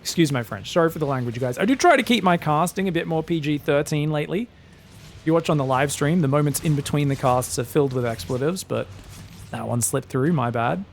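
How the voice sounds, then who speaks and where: Chatty Australian man with a gravelly voice. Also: a little high, a little fast, faint music behind. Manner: chatty, rambling, joking asides. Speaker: esports caster. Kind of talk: casual live commentary.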